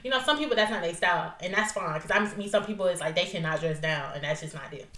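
A woman's voice: fairly low pitch, fast, pushed and bright. A young woman hosting her own podcast, chatting casually in a loose, profane, rambling way and laughing often. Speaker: podcast host. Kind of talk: casual solo podcast chat. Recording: roomy echo.

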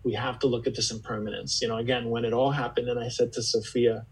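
In what sounds like a relaxed, thoughtful interview, a man appearing as a podcast guest speaks at a medium pitch with a level, slightly husky tone. Earnest and reflective, he gropes for words and repeats himself mid-thought, and the audio is rough.

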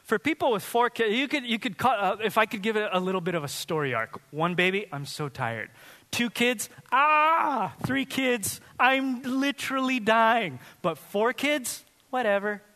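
A man's voice: high-pitched, animated, normal speed, few pauses, sharp tone. A male pastor giving a sermon in a conversational, joking way, laughing often. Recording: reverberant hall.

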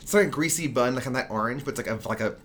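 A man's voice: medium pitch, rapid-fire, a bit bright. Guy cohosting a podcast, rambly and sweary, a bit of hiss behind him. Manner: rambling, swears casually, lots of fillers. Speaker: podcast co-host. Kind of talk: casual podcast chat.

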